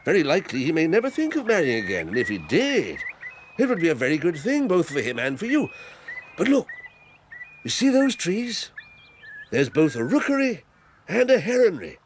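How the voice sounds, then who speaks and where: A man's voice: fairly high pitch, wildly swooping pitch, normal speed, long pauses, a little hiss or hum. An actor playing a hearty, talkative old country squire in a radio drama, rambling and fatherly. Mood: genial. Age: older. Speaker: Squire Hamley. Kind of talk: 1980s radio drama acting.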